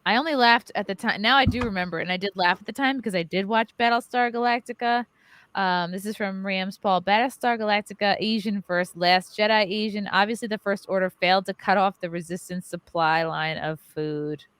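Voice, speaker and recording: A woman's voice: medium pitch, brisk, a bit bright, smooth, no room sound. A woman hosting a podcast, chatting casually and reading viewer comments aloud with wry asides. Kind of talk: casual chat.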